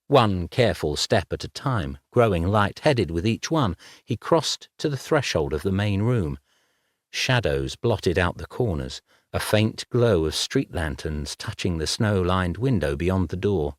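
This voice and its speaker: Man narrating an audiobook, slow and measured, dry close sound. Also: low voice, dry recording. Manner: measured, even storytelling. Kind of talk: scripted narration.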